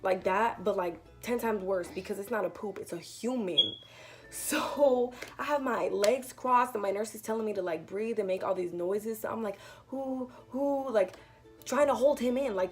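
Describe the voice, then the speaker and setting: A young woman vlogger chatting casually through a storytime, animated and full of "like". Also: mid-range voice. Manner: chatty, animated retelling with lots of "like".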